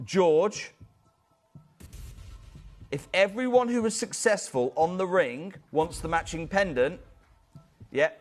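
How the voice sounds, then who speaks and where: A man presenting a live shopping channel sale, urgent and persuasive, calling out viewers by name. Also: on the high side. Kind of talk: fast live sales pitch. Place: TV studio.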